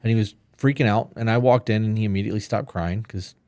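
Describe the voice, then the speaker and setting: A man's voice: lowish voice, quick pace, darkish tone, no echo. A man co-hosting a podcast live stream, giving blunt, profane relationship and parenting advice in casual chat. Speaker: podcast co-host.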